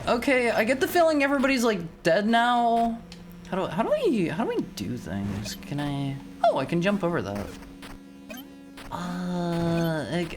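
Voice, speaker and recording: A young woman streamer chatting casually while playing a game, rambling and often stumbling over and repeating her words. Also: fairly low pitch. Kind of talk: casual let's-play commentary.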